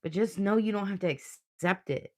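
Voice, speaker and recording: A woman's voice: medium pitch, moderate pace, warm tone. A woman giving a livestream tarot reading, blunt and earnest, swearing as she urges the listener on. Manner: blunt, profane, motivational; earnest, emotional. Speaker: tarot reader.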